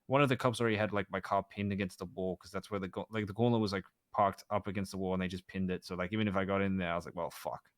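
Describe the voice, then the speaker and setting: A man's voice: sits low, steady tone, racing, hardly any pauses, dry recording, clean studio sound. A man chatting casually in character during roleplay, rambling with many restarts and swearing. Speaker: roleplay player.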